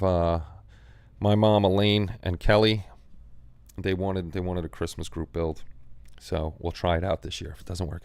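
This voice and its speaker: Male livestream host, low smooth voice, rambling casual chat with viewers, dry close sound. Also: darkish tone, no echo. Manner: rambling, repeats words, reads chat aloud.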